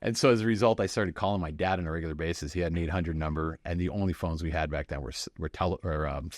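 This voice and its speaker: Deep-voiced man telling lively stories. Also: fast, no echo, studio quality. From Miami, United States. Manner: animated storyteller who acts out quoted people and laughs often. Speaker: podcast guest. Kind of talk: candid storytelling interview.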